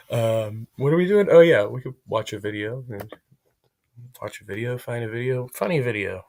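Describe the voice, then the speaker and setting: A man's voice: on the low side, gravelly. A man hosting a casual livestream chat, rambling and self-deprecating, filling his talk with "you know" and "like". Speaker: livestream host.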